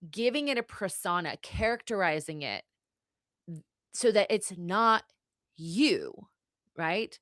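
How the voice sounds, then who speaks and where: A woman's voice: lowish voice, dry recording. Chatty woman host, dry close sound. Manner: chatty, rambling, laughs often, swears casually. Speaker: podcast host and therapist. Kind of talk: casual live-stream talk. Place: home setup on a live stream. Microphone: computer mic on a video stream.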